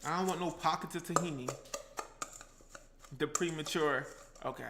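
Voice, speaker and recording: A man's voice: a little high, moderate pace, gravelly, pauses often, background noise. A man with casually chatting while cooking on a vlog, playful and chatty, now and then breaking into song. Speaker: cooking vlogger.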